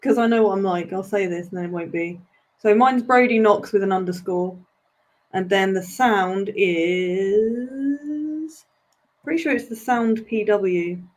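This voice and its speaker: A woman's voice: mid-range voice, unhurried, a little mellow. A British woman talking as a podcast guest in a casual, chatty and self-deprecating way. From Britain. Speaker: podcast guest, wrestling manager. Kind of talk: casual chat.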